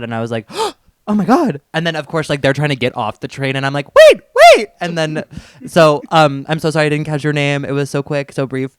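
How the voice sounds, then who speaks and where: A man's voice: medium pitch, clean tone, no echo, studio quality. A man co-hosting a podcast, telling an earnest, self-deprecating story in casual chat. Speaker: podcast co-host.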